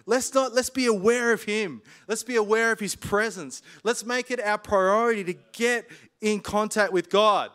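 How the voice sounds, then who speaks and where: A man, preaching a casual sermon full of stories, chatty and quick to laugh. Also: sits high, fairly bright tone, clear, resonant tone. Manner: chatty, laughs often, colloquial.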